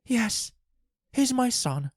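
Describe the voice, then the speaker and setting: A man voicing a grieving older woman who is desperate and frantic, with shrill, pleading cries. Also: very animated, slow pace, no room sound, studio quality, full character voice.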